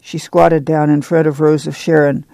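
A man reading a novel aloud as an audiobook narrator, measured and unhurried. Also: fairly high pitch, little pitch movement, vocal fry, dark tone, dry recording. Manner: slow, measured storytelling.

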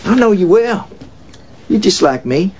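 A man's voice: high-pitched, big pitch swings, unhurried. A brash scruffy father in his fifties. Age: 50s. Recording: dull lo-fi film clip with noise.

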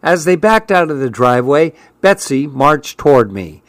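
A man narrating a story aloud in a steady, even reading voice. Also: on the high side, normal speed, creaky, dry recording. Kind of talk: audiobook narration.

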